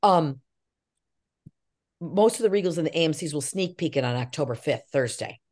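A middle-aged actress in an interview, telling animated stories and acting out the voices of people she quotes. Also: low-pitched, moderate pace. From Irish Catholic family. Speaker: actress and filmmaker. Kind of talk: interview chat.

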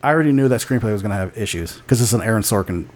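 A man's voice: fairly low pitch, expressive, very fast, a little mellow. Opinionated man swearing casually. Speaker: podcast co-host. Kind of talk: casual podcast chat.

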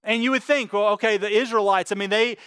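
A man's voice: high-pitched, fairly even intonation, fast talker, fairly bright tone, smooth, dry recording, studio quality. A man preaching a sermon, retelling scripture in plain everyday words with fervor. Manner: fervent, paraphrases scripture in plain talk. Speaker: pastor.

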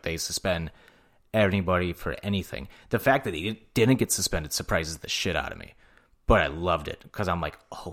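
A man's voice: deep voice, fairly bright tone. Tired man ranting profanely about hockey. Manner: profane, heated sports rant. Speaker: podcast co-host. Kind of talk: casual chat.

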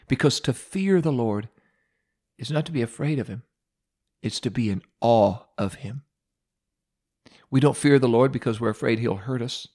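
A man hosting a radio devotional, telling a humorous, self-mocking story with dramatic pauses. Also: medium pitch, darkish tone.

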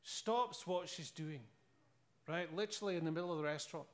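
A man's voice: a little high, fairly quick. A man with a Scottish accent preaching a sermon, telling stories earnestly and asking rhetorical questions.

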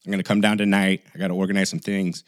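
A man's voice: low-pitched, level tone, rapid-fire, dry recording, clean studio sound. A man co-hosting a podcast, telling a long story in casual chat and acting out the voices of the people in it. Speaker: podcast co-host.

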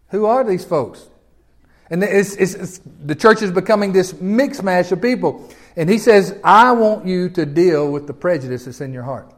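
An older Southern man delivers a sermon with a notably high voice for a man. He preaches in a folksy, homespun way and keeps turning to the congregation with questions. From Memphis, Tennessee. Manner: folksy, conversational, peppered with rhetorical questions to the congregation. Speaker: pastor.

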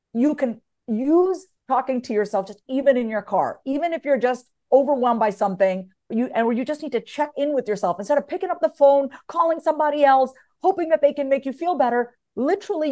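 A woman speaks as an interview guest with a slightly high, bright voice. She is frank and animated, drops the odd curse word, and keeps the talk loose and conversational. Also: a little fast. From United States. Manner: frank, animated, swears casually. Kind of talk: casual podcast interview.

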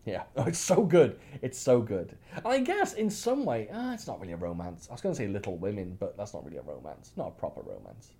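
A man hosting a casual podcast, his pitch swinging up and down as he talks. He jokes at his own expense and keeps the chat lively. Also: a little fast, hardly any pauses, breathy edge. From Wales. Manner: lively, joking, self-mocking. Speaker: podcast host.

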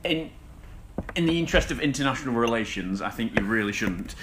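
A man's voice: medium pitch, lively intonation, fairly quick. A man with a northern English accent, co-hosting a casual podcast chat with dry teasing and frequent laughs. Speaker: podcast co-host. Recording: clear background noise.

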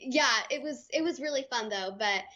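A young woman speaks as an interview guest in a fairly high voice. She is bubbly and expressive, and she tells her stories with eager energy. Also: moderate pace, dull audio. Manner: bubbly and expressive, gushing exclamations. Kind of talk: casual interview storytelling.

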